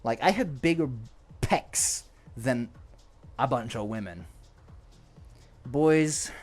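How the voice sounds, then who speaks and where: A man's voice: medium pitch, lively intonation, slow, soft background music. A man with a non-native English accent chatting casually on a livestream, rambling, joking and laughing often. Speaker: streamer.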